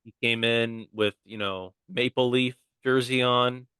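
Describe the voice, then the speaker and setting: Young American man, podcast co-host, bright tense tone, dry sound, playful banter. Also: medium pitch, steady tone, measured pace, clean tone, no echo. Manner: joking, playful, fond of silly voices. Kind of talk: casual comedy podcast chat.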